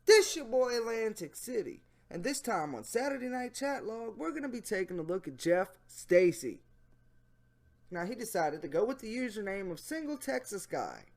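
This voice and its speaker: Slangy, swearing man streamer. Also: high voice. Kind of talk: casual profane commentary.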